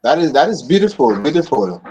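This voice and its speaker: A man's voice: fairly high pitch, sing-song, fairly quick, slightly rough, poor audio. A Grenadian man hosting a casual live interview, affirming his guest often, with many fillers and repeated words. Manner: friendly, warmly affirming, frequent fillers and repeats. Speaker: host.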